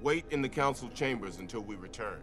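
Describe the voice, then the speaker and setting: A man's voice: medium pitch, animated, brisk, music in the background, natural voice. An actor playing a stern male Jedi master who speaks in a commanding tone, in a distant film clip. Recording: distant film audio with loud score.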